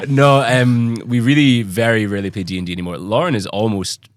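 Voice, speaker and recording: A man's voice: mid-range voice, fairly even intonation, fairly quick, dry recording. A man, a podcast guest telling cheeky, jokey stories in casual chat.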